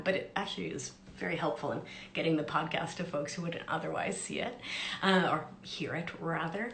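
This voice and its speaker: A woman life coach and podcast host, chatting casually on a live stream with upbeat, self-deprecating asides. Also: medium pitch. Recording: echoey room with faint background noise.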